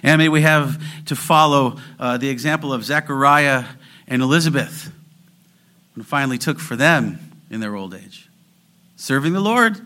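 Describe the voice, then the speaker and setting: A man preaching a sermon as pastor, earnest and building to fervent exhortation, sometimes slowing down or dropping to a near whisper for emphasis. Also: on the high side, bright, forceful tone.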